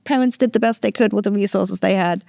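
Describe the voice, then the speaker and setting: A woman hosting a candid podcast chat, frank and animated, cursing freely as she acts out her own reactions. Her voice sits in a middle register and is recorded dry, with no room sound around it. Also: medium pitch, fast talker, creaky, dry recording. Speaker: podcast host. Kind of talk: candid conversational interview.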